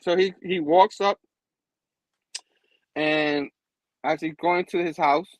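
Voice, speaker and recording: A man's voice: fairly high pitch, takes it slowly, no echo, rough recording. A man hosting a casual comic book review show, retelling the story with lots of laughter and acted-out lines. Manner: animated, laughs often, acts out lines from the comic. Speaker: podcast host.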